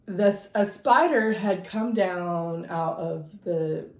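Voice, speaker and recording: A woman co-hosting a casual podcast chat, an animated storyteller who acts out her own screams. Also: fairly low pitch, slow pace, roomy sound. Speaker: podcast co-host.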